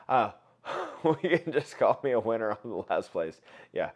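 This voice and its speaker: A man's voice: on the low side, lively intonation, normal speed. A man hosting a casual live stream, chatting with viewers, greeting them by name and running giveaways. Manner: chatty, reads out viewer names and shouts greetings. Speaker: livestream host.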